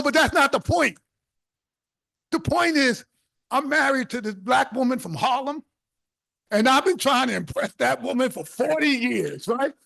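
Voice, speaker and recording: An older man from the South Bronx giving an inspirational speech, telling stories in an animated way with bursts of shouted emphasis. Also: very high-pitched, creaky. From South Bronx, New York. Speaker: keynote speaker.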